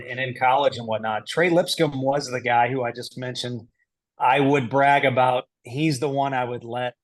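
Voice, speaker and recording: A middle-aged man speaking at a middling pitch, talking casually as a guest. He laughs often and works his way through answers aloud, poking fun at himself. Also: moderate pace. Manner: laughs easily, talks through answers aloud with self-deprecating humor. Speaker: head baseball coach, podcast guest.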